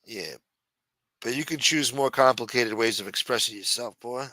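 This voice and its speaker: A man's voice: mid-range voice, moderate pace, pushed and bright, dry recording. A man from New York with a New York accent hosting a late-night show, rambling and swearing in a sarcastic casual monologue. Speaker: host.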